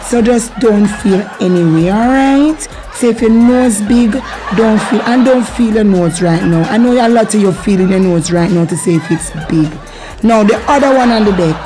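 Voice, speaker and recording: A woman with a Jamaican accent hosting a casual video lesson on Patois, energetic and laughing often. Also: medium pitch, moderate pace, over music, crowd noise. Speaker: channel host teaching Jamaican Patois.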